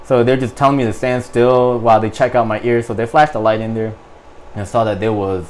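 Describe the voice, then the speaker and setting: A man's voice: medium pitch, a little fast, slight background noise. Young man telling a story animatedly. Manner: animated, profane, many fillers. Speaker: podcast guest, Marine. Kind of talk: casual storytelling.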